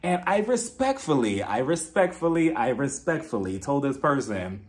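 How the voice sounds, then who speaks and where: A man's voice: mid-range voice, very animated, moderate pace, darkish tone. Chatty, candid man recapping reality TV. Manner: candid, chatty, frequent swearing and laughing. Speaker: reality TV reviewer. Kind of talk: casual recap commentary.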